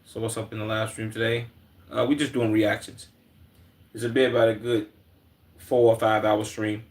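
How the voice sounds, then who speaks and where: A man's voice: on the low side, flat delivery, normal speed. Laid-back slangy young male streamer. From Chicago. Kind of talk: casual reaction stream.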